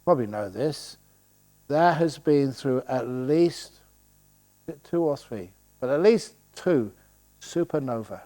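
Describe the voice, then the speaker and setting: A man's voice: mid-range voice, lively intonation, takes it slowly, warm tone. An older man giving a playful dharma talk at a meditation retreat, joking and laughing as he teaches.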